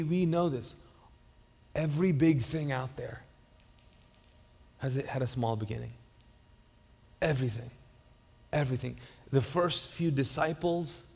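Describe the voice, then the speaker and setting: A man's voice: mid-range voice, a little mellow, husky. Conversational male pastor in a reverberant hall. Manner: conversational, repeats words and restarts, storytelling. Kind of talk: sermon. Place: church auditorium.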